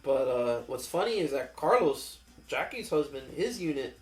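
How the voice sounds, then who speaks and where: A man in casual chat, relaxed and chiming in with short remarks. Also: mid-range voice, moderate pace, a crowd in the background. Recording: roomy echo from off mic.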